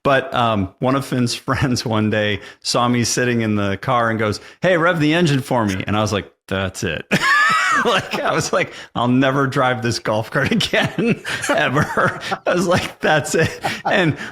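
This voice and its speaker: A middle-aged man telling stories as a podcast guest, animated and laughing often. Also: mid-range voice, measured pace, few pauses. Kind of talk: casual chat, storytelling.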